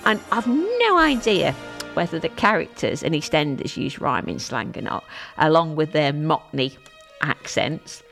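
A gravelly-voiced woman presents a radio show in a chatty, nostalgic way. Her pitch rises and falls a lot as she talks, and soft music plays underneath. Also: very animated, a little slow. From England. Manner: nostalgic, chatty, laughs easily.

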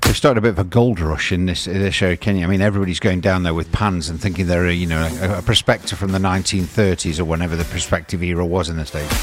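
A man's voice: low-pitched, fairly even intonation, fast, hardly any pauses. An older man presenting on radio, rambling conversationally and throwing rhetorical questions at listeners. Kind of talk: chatty radio talk. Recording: music playing underneath.

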